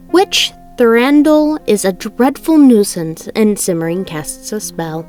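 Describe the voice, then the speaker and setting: A woman's voice: mid-range voice, a little mellow. A woman reading a novel aloud chapter by chapter in a casual way, often correcting herself mid-sentence. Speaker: reader of a book aloud. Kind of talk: casual read-aloud narration.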